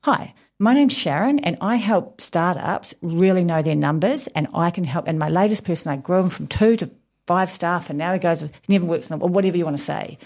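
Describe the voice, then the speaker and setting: A woman in her forties chatting on a radio show, talking loudly with bursts of laughter. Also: on the low side, a little fast. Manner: loud, animated, bursts of laughter. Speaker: business owner guest. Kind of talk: casual radio chat.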